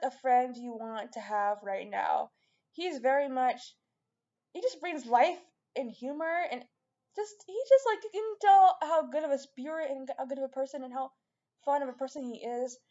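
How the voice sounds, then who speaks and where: A woman's voice: sits high, mellow, highs cut off. A woman vlogger chatting casually and rambling, with lots of fillers and restarts. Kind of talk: casual chat to camera.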